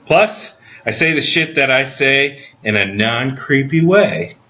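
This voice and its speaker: A man's voice: mid-range voice, lively intonation, slow pace, pushed and bright. A man hosting a comedy podcast, delivering a dry, mock-serious comedic monologue. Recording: slightly dull lo-fi recording.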